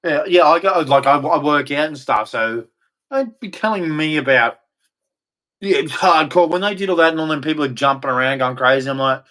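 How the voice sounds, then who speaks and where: A middle-aged man, his voice sitting a bit high, hosts an opinionated rant. He talks bluntly and mockingly, slipping into voices to act out the people he mocks. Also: brisk, bright, forceful tone. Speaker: host.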